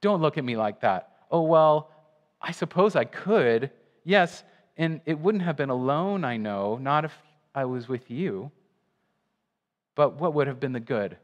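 A man's voice: fairly high pitch, expressive, unhurried, big-room sound, dull audio, pitched above the performer's own voice. A man voicing a timid young girl who pleads anxiously with a lion, during a sermon reading. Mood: pleading.

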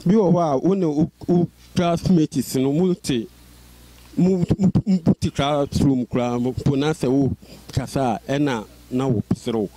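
Man with a stutter telling his story, repeats sounds a lot, mellow and kinda high. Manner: stutters, with repeated syllables and restarts. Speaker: interview guest. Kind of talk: personal life-story interview.

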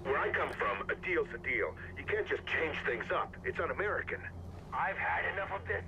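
An actor as a blunt American mercenary pilot. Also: male voice, on the high side, animated, moderate pace, lo-fi sound, crowd noise, natural voice. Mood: indignant. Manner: blunt, commanding. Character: male American mercenary pilot, pushy ally.

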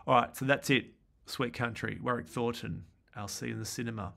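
A man's voice: medium pitch, steady tone, a little fast, creaky, pushed and bright. A man giving a casual film lecture, thinking aloud with fillers and restarts and posing questions to students.

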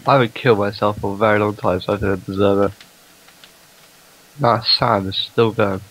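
A man's voice: lowish voice, steady tone, normal speed, a bit bright, poor audio. A man playing a game with a friend, teasing him dryly when he dies. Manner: dry teasing remarks. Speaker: gamer. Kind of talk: casual gaming chat.

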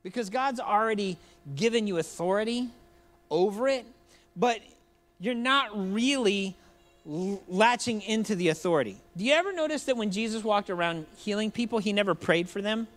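A man's voice: high voice, animated, moderate pace, a bit bright. A man preaching a sermon in a church, joking and conversational, addressing the congregation directly. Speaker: pastor.

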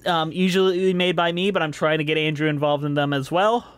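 A young man co-hosting a casual podcast, playful and quick to laugh, also reading sponsor spots. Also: a little high, steady tone, clear, resonant tone, dry recording. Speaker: podcast co-host.

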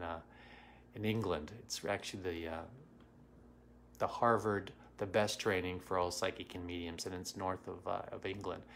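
Gravelly-voiced man chatting on a livestream. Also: low voice, a bit bright, a little hiss or hum. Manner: chatty, greets viewers by name, many fillers. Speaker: psychic medium hosting a livestream. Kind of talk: casual livestream chat reading comments. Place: home in Washington, D.C.

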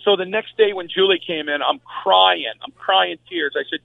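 A man's voice: high-pitched, normal speed, gravelly, hardly any pauses, no echo. An older man, a sports talk radio host, telling a personal story as a guest and repeating his words for stress. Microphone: phone call. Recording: tinny phone line, dry.

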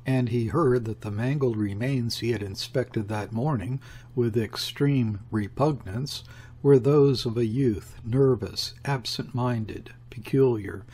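A man reading a classic novel aloud as an audiobook narrator, in a steady, unhurried way. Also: medium pitch, breathy edge. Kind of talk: measured literary narration.

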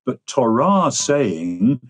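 A man's voice: mid-range voice, very animated, drawn-out words. An older man with an English accent, explaining ideas at length in a discursive, lecturing way as an interview guest. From England. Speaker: guest theologian.

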